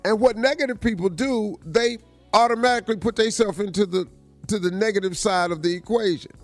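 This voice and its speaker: Slangy high gravelly radio host man. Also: fairly quick, faint music behind. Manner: laid-back and slangy, often says "dog" and "man". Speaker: radio morning show host. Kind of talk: casual storytelling chat and motivational talk. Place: radio studio.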